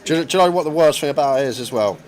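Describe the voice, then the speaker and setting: A man's voice: fairly high pitch, racing. A man commentating a poker stream, explaining strategy and chatting with his co-host. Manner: explanatory, stammering restarts when excited. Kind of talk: poker commentary and casual chat.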